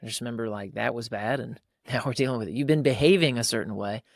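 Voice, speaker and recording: A podcast co-host in his thirties discusses parenting from a Christian angle in a casual chat, animated and often slipping into quick acted-out voices of fathers and kids. His creaky, middle-pitched voice is recorded close and dry.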